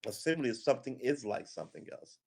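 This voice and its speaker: A man's voice: mid-range voice, sing-song, fast talker, creaky, slightly rough. A man chatting casually on a home live stream, rambling and joking as he snacks, often laughing. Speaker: vlogger.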